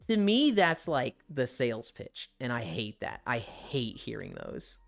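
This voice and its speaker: A man's voice: a little high, very animated, measured pace, creaky. A man chatting candidly on a live stream, swearing freely and laughing often. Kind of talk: casual live-stream chat.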